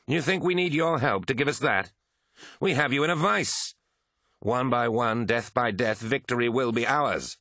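A man's voice: medium pitch, moderate pace, bright, forceful tone, no room sound, studio quality, pitched above the performer's own voice. A man voicing a proud, scornful male warrior commander who sneers and scoffs, in an audiobook reading. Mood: mocking.

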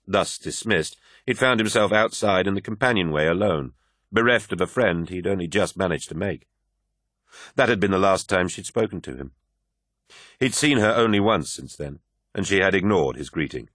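A man narrating a novel in an expressive storytelling manner. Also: sits low, moderate pace, no echo, clean studio sound. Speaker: audiobook narrator. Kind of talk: scripted narration.

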